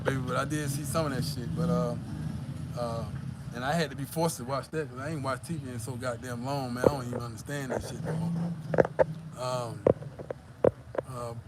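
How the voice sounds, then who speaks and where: A man's voice: mid-range voice, heavy background noise. A man, ranting bluntly and profanely on a casual livestream while reading viewer comments. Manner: profane, blunt, emphatic preaching. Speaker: livestream host reading chat.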